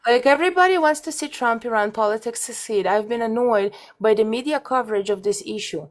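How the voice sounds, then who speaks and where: Russian-accented woman, stream guest, argumentative, halting reader. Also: a little high. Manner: argumentative, reads articles aloud haltingly. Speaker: guest debating the host. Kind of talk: live-stream debate.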